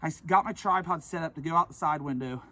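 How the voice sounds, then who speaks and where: A man recording a hunting vlog outdoors from a blind, talking in an excited, breathless way and often repeating himself. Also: a little high, fast talker. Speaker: hunting vlogger.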